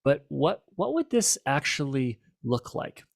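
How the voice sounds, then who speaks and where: A man's voice: fairly high pitch, big pitch swings, measured pace, vocal fry, dry recording. Male therapist explaining relationship patterns, conversational and checking in with listeners, dry close recording. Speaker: marriage and family therapist. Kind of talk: explanatory teaching talk.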